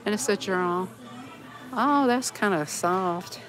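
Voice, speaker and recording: A woman's voice: medium pitch, takes it slowly. Southern woman vlogger, chatty and giggly, store aisles, faint background music. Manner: chatty, giggly, talks to viewers while browsing. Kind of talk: casual shopping vlog. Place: inside a large discount store.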